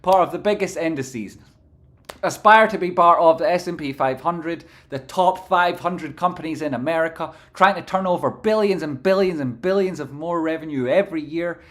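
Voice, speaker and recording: A fairly high-voiced man talks through stock charts on a live stream. He rambles in a loose, profane way, reading chat messages aloud between his thoughts. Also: normal speed. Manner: rambling, animated.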